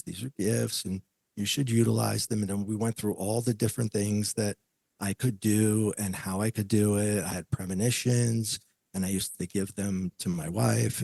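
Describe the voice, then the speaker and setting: A man's voice: lowish voice, vocal fry, warm tone, husky, dry recording. A man telling a personal story as a podcast guest, acting out the voices of the people he quotes.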